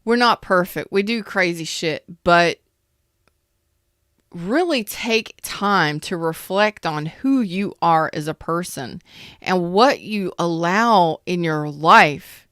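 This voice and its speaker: A woman's voice: on the low side, slow pace, fairly bright tone, clean tone, dry recording, clean studio sound. A woman tarot reader doing a live reading as a casual, blunt rant, swearing freely, calling viewers out and answering chat comments. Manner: blunt, profane, calls viewers out.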